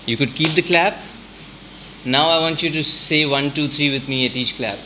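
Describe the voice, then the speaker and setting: In an event room with an audience, a man teaches music in an interactive workshop, counting beats aloud and mixing in Hindi. His voice is on the high side at normal speed, and the recording is very noisy.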